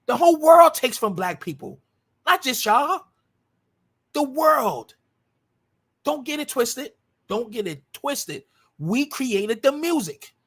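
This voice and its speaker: A man's voice: extremely high pitch, sing-song, slow, long pauses, a bit bright, husky. A man hosting a livestream, arguing in a combative, profane way and repeating himself for emphasis. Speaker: live stream host. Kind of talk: heated livestream commentary.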